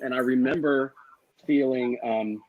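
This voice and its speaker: Heard through narrow, tinny audio, this middle-aged man speaks at medium pitch with fairly even intonation and a measured pace. He's an interview guest telling an emotional story candidly, cursing freely and performing the quoted back-and-forth.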